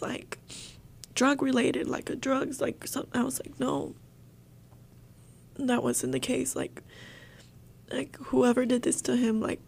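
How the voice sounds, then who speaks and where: A young woman telling a painful personal story in an interview, halting and emotional, with many fillers and restarts. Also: high-pitched, sing-song, gravelly, darkish tone, husky.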